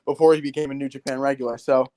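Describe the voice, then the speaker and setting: A man's voice: mid-range voice, level tone, rapid-fire, dark tone, no echo. Male podcast co-host, mid-range voice, eager and opinionated. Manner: enthusiastic, opinionated. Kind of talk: casual wrestling podcast chat.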